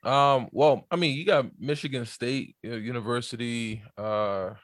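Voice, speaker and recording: A man's voice: medium pitch, measured pace, dry recording, studio quality. A man, a pastor chatting easily as a podcast guest and laughing often. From New York, USA. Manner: relaxed, easygoing, laughs often. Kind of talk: casual interview chat.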